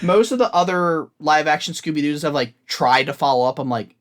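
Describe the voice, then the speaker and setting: A man's voice: fairly high pitch, animated, brisk, fairly bright tone. A man co-hosting a podcast, chatting casually and rambling through a long list he is looking up. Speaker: podcast co-host. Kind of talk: casual chat.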